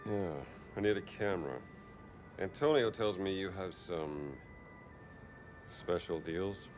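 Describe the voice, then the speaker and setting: An actor playing a rugged male adventurer who speaks in a dry, wry, low-key way. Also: slow, soft background music.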